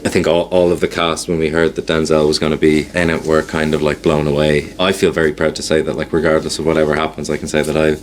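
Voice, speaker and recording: An Irish man in an interview clip, speaking in a measured, thoughtful way with many kind-ofs. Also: very deep voice, completely flat delivery. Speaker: actor in interview.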